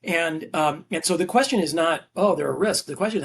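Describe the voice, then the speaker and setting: The CEO of a family office, appearing as a podcast guest, talks earnestly in a conversational interview, full of fillers and restarts. His voice is on the high side, brisk, slightly rough, with vocal fry.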